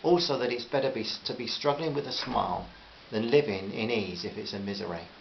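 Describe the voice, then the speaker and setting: A thoughtful young woman with a Liverpool accent, earnest and musing, as a male reader puts her on. The voice keeps a gravelly edge. The recording is slightly dull with a faint hiss. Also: fairly low pitch, fairly quick.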